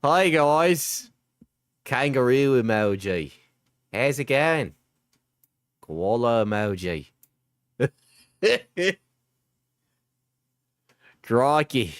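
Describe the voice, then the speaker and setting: Goofy stereotype Aussie bloke, as a streamer puts him on, jokey put-on accent, clean dry sound. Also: male voice, medium pitch, very animated, very slow, long pauses, clear, resonant tone, no room sound. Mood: mocking. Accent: put-on Australian. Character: mock Australian man, goofy and clichéd.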